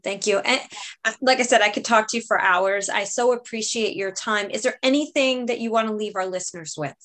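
A woman hosts an interview podcast and thanks her guest effusively. She talks at an ordinary pitch, in a conversational interview manner. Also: brisk, fairly bright tone. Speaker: podcast host.

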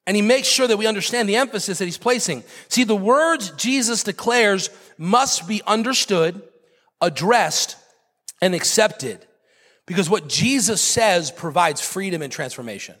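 A pastor with a high-pitched, animated, somewhat bright voice preaches at normal speed in a big-sounding room. He is emphatic, repeats key phrases, and jokes with his congregation.

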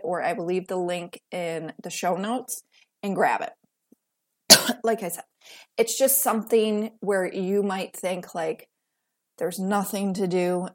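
A woman in her thirties hosting a solo podcast, talking casually and bluntly with plenty of swearing. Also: mid-range voice. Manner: blunt, swears freely, animated. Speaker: podcast host.

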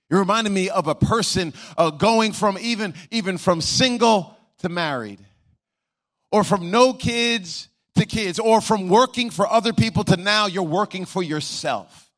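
A man's voice: sits high, a bit bright. A male pastor giving a sermon with humorous asides, repeating key words, and rising into a sung, chanting preaching cadence.

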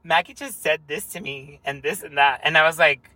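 A man co-hosting a podcast, teasing his friend and breaking into high laughs. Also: moderate pace, pushed and bright. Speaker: podcast co-host. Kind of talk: casual chat.

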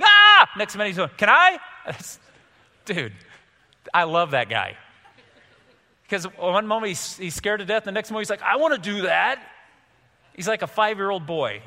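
Man, pastor, sermon, animated delivery, bright tone, slightly high voice, long hall reverb. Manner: animated, acts out quotes with big swings in loudness.

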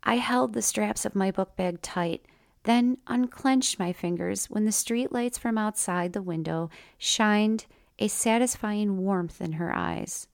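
A woman's voice: medium pitch, a little slow, gravelly, dry recording. Dry-voiced woman telling a memoir. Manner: wry, conversational asides to listeners. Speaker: storyteller. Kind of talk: first-person memoir narration.

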